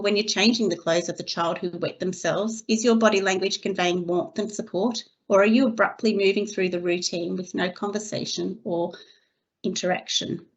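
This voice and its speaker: Measured woman reading a webinar. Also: medium pitch. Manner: steady, measured, reading from slides. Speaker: early childhood educator trainer. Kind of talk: scripted webinar narration. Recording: slightly dull lo-fi recording.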